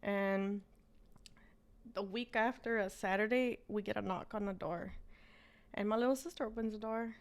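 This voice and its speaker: A woman's voice: mid-range voice, fairly even intonation, normal speed, clear, resonant tone. A woman, a business owner telling her story as an interview guest and switching between English and Spanish.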